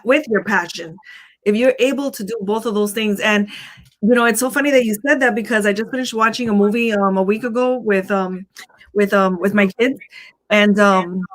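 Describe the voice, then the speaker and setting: A middle-aged woman co-hosting a casual motivational talk show, chatty and playful, halting with fillers. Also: medium pitch, a bit bright. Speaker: show co-host.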